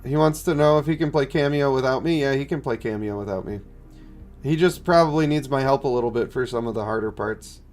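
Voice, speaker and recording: A stuffed-up man live-streaming a mobile game, chatting in a low-key way and answering his chat. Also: brisk, a little mellow, faint music behind. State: congested, stuffed up. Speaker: gaming streamer.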